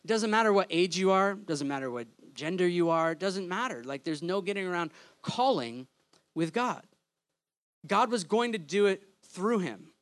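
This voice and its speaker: A man's voice: high voice, lively intonation, moderate pace. A man preaching a sermon in a conversational, humorous way, often checking in with the listeners by asking "right?".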